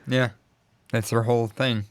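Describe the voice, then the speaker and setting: A man's voice: medium pitch, little pitch movement, measured pace, no echo. A man co-hosting a live podcast, chatting casually and laughing a lot. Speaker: podcast co-host. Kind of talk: casual chat.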